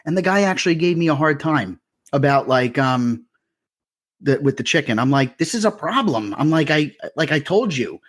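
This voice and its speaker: A man's voice: on the high side, expressive, normal speed. A young man co-hosting a podcast, telling stories in a loose, profane, laughing way. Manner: profane, storytelling, laughs often. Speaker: podcast co-host. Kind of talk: casual chat.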